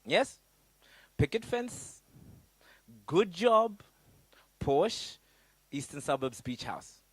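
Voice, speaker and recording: A man's voice: fairly high pitch, very animated, drawn-out words, a bit bright, breathy edge, no echo. A man from Africa, a startup business coach, giving a candid motivational workshop talk full of stories, swearing and questions to the audience.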